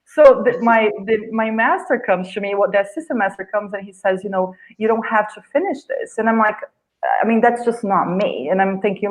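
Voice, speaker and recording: A woman, a guest healer, telling an animated story over a video call and acting out sounds and gestures. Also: medium pitch, a little fast, low-quality recording. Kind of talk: storytelling in a live video chat.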